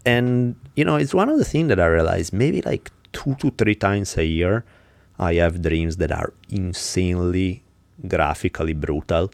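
Deep-voiced man telling a story bluntly. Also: no room sound. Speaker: podcast host. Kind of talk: casual chat.

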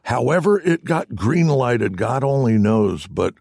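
A man, a voice actor guest on an interview show, telling stories in an animated, self-deprecating way and laughing along as he goes. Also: mid-range voice, measured pace, gravelly, no room sound, studio quality. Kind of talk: anecdotal storytelling in conversation.

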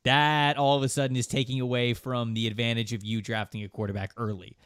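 A man's voice: mid-range voice, flat delivery, a little fast, a bit bright, clear, resonant tone, no room sound, studio quality. A man co-hosting a casual sports podcast, making emphatic points and firing rhetorical questions. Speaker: podcast co-host.

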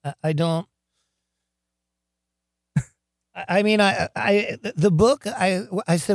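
Man, fairly high voice, excitable storyteller, laughs a lot, dry close sound. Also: unhurried, dry recording. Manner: animated, excitable storyteller who laughs often and acts out quotes. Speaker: guest, rock singer. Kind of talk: storytelling interview.

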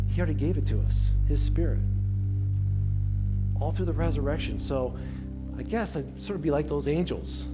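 An American man preaching a sermon in a church service, moving between raised emphatic lines and soft near-whispers and having the congregation repeat after him. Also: on the high side. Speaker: pastor.

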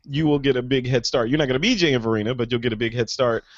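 A man's voice: medium pitch, steady tone, rapid-fire, no echo, muffled recording. A man hosting a photography podcast, chatting in an enthusiastic, rambling way with his guests. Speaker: podcast host. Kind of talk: casual interview chat.

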